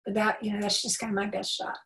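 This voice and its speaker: A woman giving a live talk to parents, animated and emphatic, acting out little quoted remarks. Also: medium pitch, fast talker, creaky, recorded from a distance, rough recording. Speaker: homeschool workshop speaker.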